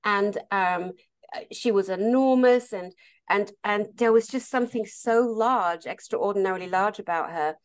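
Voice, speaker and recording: A woman therapist telling stories in a casual conversation, animated and laughing often. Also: medium pitch, unhurried. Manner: animated, laughs often, acts out quoted voices. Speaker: therapist and meditation teacher.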